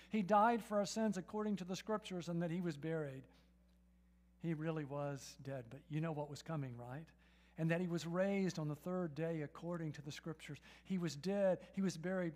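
A man's voice: sits high, darkish tone. A man pastor preaching a sermon in church, asking the congregation rhetorical questions and often adding "right?". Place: church sanctuary.

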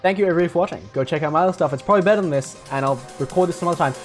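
A man's voice: fairly high pitch, very fast, soft background music. A young man giving casual, jokey gameplay commentary, rambling and swearing as he plays. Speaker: gaming YouTuber.

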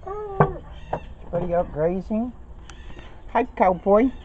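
A woman's voice: rumbling low, very animated, slow, noisy background. Woman cooing baby talk at animals. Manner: sing-song, coaxing, repeats questions. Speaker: animal rescue caretaker. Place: animal rescue shelter. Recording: muffled lo-fi camera audio.

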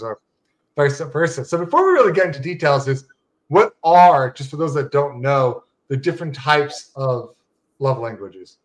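A man's voice: on the high side, expressive, normal speed. A man hosting a podcast, chatting in a casual conversational way with rambling asides. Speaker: podcast host. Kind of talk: casual interview chat.

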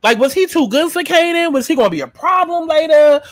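A man giving a casual, profane recap and review of a TV episode, animated and sassy, acting out his own reactions. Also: very high-pitched, a little fast, no echo.

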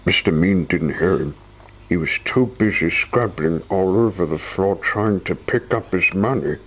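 Deep husky storytelling man. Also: measured pace, poor audio. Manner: expressive, animated narration. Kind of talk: storybook reading.

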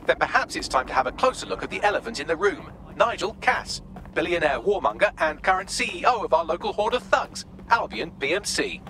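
A wry, sardonic resistance member. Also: male voice, high voice, sing-song, a little fast, sharp tone, exaggerated voice.

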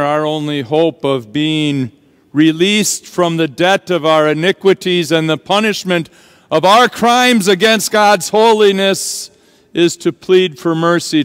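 A man preaching a sermon as pastor, earnest and dramatic, leaning slowly on key words, recorded in a church sanctuary. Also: on the high side, clean tone. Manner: earnest, dramatic preaching with slow emphatic stresses. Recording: long church reverb.

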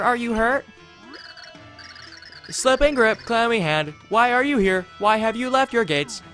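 A man's voice: high-pitched, fairly bright tone, pitched above the performer's own voice, full character voice. A man voicing solemn male martial-arts brothers in a video game, speaking formally. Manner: formal, old-fashioned speech.

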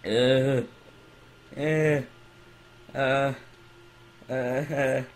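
A young gamer gives jumpy let's play commentary from his bed at home on a computer mic, breaking into screams and goofy baby talk. His mid-range voice is animated and unhurried with frequent pauses, and the recording quality is low.

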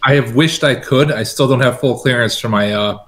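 A man's voice: mid-range voice, brisk, fairly bright tone. A man chatting casually before a tabletop game, laughing between remarks.

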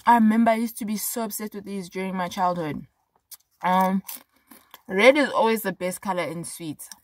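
A woman's voice: mid-range voice, normal speed, no room sound. Young South African woman, casual vlog to camera, frank and emphatic, lots of "like". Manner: frank, chatty, emphatic with many fillers. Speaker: vlogger.

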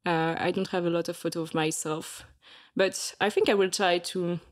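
A young woman with a French accent, chatting as a podcast guest in halting English, searching for words and laughing often. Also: lowish voice, fairly even intonation. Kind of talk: casual interview chat.

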